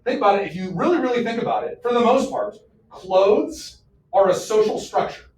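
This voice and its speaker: In a history lesson, a man with a high-pitched voice speaks briskly, joking and rattling off questions to the class in an animated manner. The mic sits far away in an echoey room with slight background noise.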